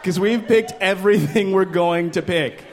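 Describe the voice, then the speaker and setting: Male stand-up comic, high and bouncy voice, laughing delivery, live club with faint noise. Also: moderate pace, a faint crowd. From Brooklyn. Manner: animated, laughing, shrieks high for quoted voices. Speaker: stand-up comedian. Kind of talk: stand-up routine. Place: comedy club stage.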